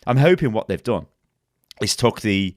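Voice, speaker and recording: A man talks gaming with a co-host, his voice leaping up and down as he gets excited and breaks into laughter. The sound is dry and close. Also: on the low side, moderate pace, no echo. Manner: animated, laughing, swearing casually. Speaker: podcast co-host. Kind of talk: casual gaming chat.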